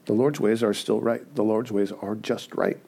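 A man preaching a sermon, animated and conversational, often checking in with "right?" and acting out scenes. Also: on the low side, moderate pace, creaky, breathy edge.

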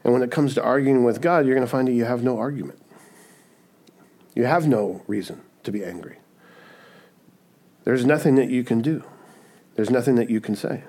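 A man preaching a sermon, animated and conversational, often checking in with "right?" and acting out scenes. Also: medium pitch, moderate pace, long pauses.

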